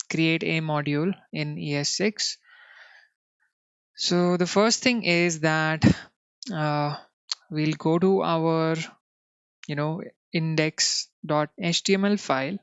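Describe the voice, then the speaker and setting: A man's voice: fairly high pitch, fairly even intonation, slow, a bit bright, smooth, no echo, lo-fi sound. A man with an Indian English accent teaching a live coding lesson. He fills his talk with "you know" and keeps checking in with his viewers. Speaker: coding instructor.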